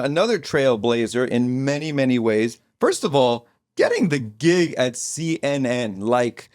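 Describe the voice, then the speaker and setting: A man's voice: a little high, no echo. Joking male podcast host, dry sound. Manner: animated, joking, talks over guests. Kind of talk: comedic interview chat.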